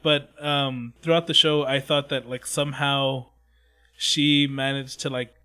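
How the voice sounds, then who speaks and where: A man's voice: mid-range voice, flat delivery, a little slow, bright, forceful tone, smooth. A man in casual chat, retelling scenes with lots of swearing and acting out the characters' lines. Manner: profane, rambling, acts out scenes in quoted voices. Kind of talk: casual chat recapping an anime.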